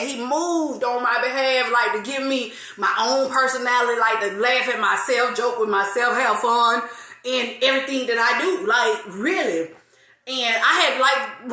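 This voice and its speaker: Bright, lively woman in her forties. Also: on the high side, roomy sound. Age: 40s. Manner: lively, laughs often, drawls some phrases. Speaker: host of an online faith talk. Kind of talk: casual faith talk.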